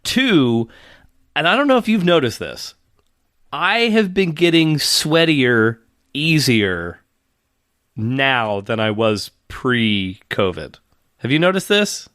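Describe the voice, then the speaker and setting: A man's voice: medium pitch, very animated, slow, fairly bright tone, no echo. A man co-hosting a podcast in casual chat, sounding congested, with a dry, teasing manner. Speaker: podcast co-host.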